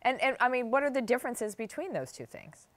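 A woman's voice: on the high side, sing-song, a little fast, dry recording. A woman hosting an interview, asking questions in a playful, stumbling way. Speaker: interviewer host.

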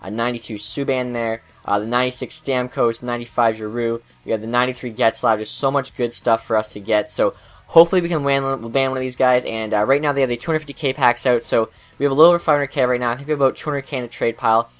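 A man's voice: mid-range voice, fast. A young man hosting a gaming video, commenting on pack openings, getting hyped and then cursing his bad luck. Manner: excitable, swearing, groaning at bad luck. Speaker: gaming channel host.

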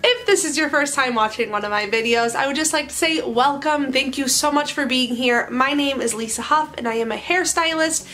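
A woman's voice: high-pitched, brisk, hardly any pauses, pushed and bright. Bubbly chatty young woman vlogging. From Central Illinois. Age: 20s. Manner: bubbly, chatty, self-mocking. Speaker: hairstylist. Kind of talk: casual vlog chat.

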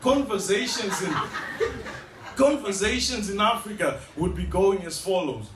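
A man's voice: high-pitched, animated, unhurried, fairly bright tone. A man performing a rambling stand-up comedy set in a tea room, with stammering restarts. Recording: echoey room, distant mic, noisy.

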